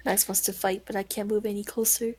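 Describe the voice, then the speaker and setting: A woman's voice: mid-range voice, little pitch movement, fast, darkish tone, breathy edge. A woman playing in a tabletop game, chatting casually and hesitantly. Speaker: player.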